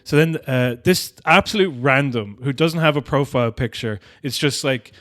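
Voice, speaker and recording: A man hosting a casual podcast, talking in an animated, mocking way and swearing often. His voice sits at an ordinary middle pitch. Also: normal speed. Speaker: podcast host.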